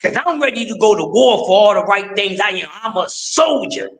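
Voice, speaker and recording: A middle-aged man, hosting a livestream in a high-pitched voice. He preaches with fierce emphasis, swinging between shouting and hushed pleading. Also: animated, moderate pace. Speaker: livestream host. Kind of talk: impassioned livestream rant.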